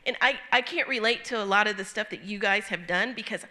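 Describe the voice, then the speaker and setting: A middle-aged woman preaching informally to a church group, her voice bright and clear. She speaks in an earnest, conversational way, often pausing on ums and restarting her sentences. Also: medium pitch. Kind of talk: informal sermon with personal story.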